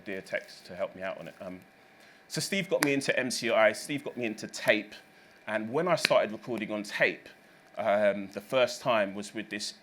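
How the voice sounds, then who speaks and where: Man, lowish voice, rambling anecdotal engineer, faint room hum. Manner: rambling, warm anecdotes with many fillers and self-corrections. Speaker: recording engineer. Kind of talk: reflective interview storytelling.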